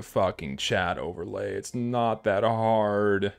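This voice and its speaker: A man of ordinary pitch talks through a live stream, half to his viewers and half to himself. He drops curse words freely and mutters under his breath while sorting out his setup. Faint music plays behind him. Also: expressive, moderate pace. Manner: swears often, mutters to himself while fiddling with settings. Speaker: livestreamer.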